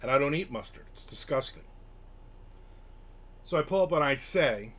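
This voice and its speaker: An older man streams from a room at home, casually chatting and grumbling his way through a story while acting out the quotes. His voice is a little high and a bit bright, with lively intonation, normal speed and long pauses.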